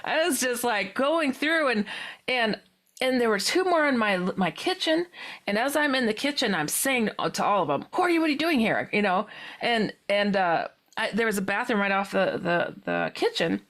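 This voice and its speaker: Speaking at a normal speed, a paranormal author guesting on a podcast tells a personal story animatedly. She laughs a lot and acts out things she once said, with abrupt jumps in pitch.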